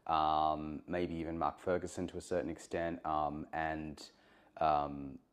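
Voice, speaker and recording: A man, a journalist and broadcaster, telling animated stories as an interview guest, often restarting his sentences. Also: a bass voice, unhurried, smooth. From Australia. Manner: animated, eager, self-interrupting anecdotes. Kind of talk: conversational storytelling.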